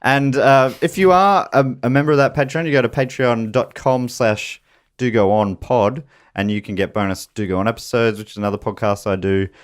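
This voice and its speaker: A man's voice: mid-range voice, fairly even intonation, a little fast. A man hosting a comedy podcast, rambling through plugs with lots of fillers. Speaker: podcast host. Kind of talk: casual comedy podcast chat.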